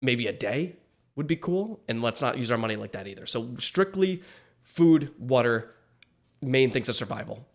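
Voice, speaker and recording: A man giving casual reaction commentary on an animated show, rambling, swearing freely and asking many questions. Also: medium pitch, moderate pace. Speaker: reaction video host.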